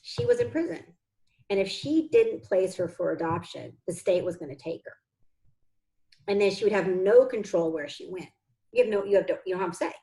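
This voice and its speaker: A woman's voice: mid-range voice, big pitch swings, brisk, warm tone, low-quality recording. A woman in an interview, an adoptive mother and foundation founder, telling her family's story in a heartfelt, earnest way that comes close to tears.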